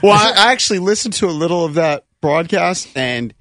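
A man in a casual sports chat, explaining plays in a measured way. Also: sits high, expressive, fairly bright tone, no echo, clean studio sound.

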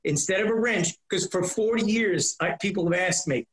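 A middle-aged comedian telling lively anecdotes in an interview, acting out the voices of the people in them and swearing freely. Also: male voice, sits high, moderate pace. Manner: profane, acts out voices in anecdotes. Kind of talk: animated storytelling. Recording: roomy echo.

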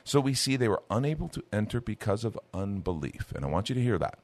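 A man with a low, deep voice teaches from the Bible in a relaxed, conversational tone. He is a middle-aged minister with an earnest delivery who brightens into playful voices when imitating people. The sound is dry and close, with no room around it. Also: fast talker, dry recording. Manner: earnest, lifts his voice to act out everyday speech.

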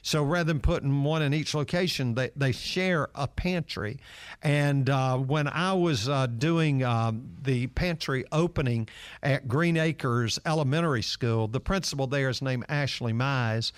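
A man's voice: mid-range voice, a little slow, dry recording. Man, earnest storyteller, lots of uh and um, dry studio sound. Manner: earnest storytelling with many fillers. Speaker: nonprofit leader. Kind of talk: interview answer.

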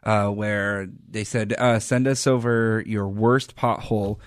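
A man's voice: on the low side, fairly even intonation, unhurried, dry recording, clean studio sound. A young man co-hosting a car talk radio show, chatting casually with stammering restarts and self-deprecating humor. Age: young adult. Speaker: radio co-host. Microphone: studio microphone.

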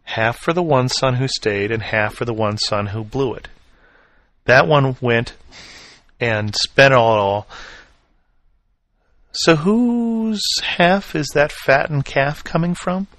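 A man preaching a sermon, retelling a Bible story with expressive swings from loud emphasis to quiet reflection. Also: medium pitch, slow pace, long pauses, dry recording. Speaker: pastor.

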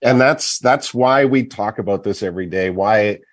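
A man's voice: lowish voice, normal speed. A man hosting sports talk at a golf charity event, making an emphatic case point by point. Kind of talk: opinionated hockey talk.

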